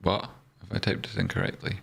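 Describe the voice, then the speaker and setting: Deep-voiced Scottish man chatting on a livestream. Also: flat delivery, brisk, vocal fry, fairly bright tone, husky. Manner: chatty and joking, reads viewer comments aloud. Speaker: livestream trading host. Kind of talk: casual live-stream chat.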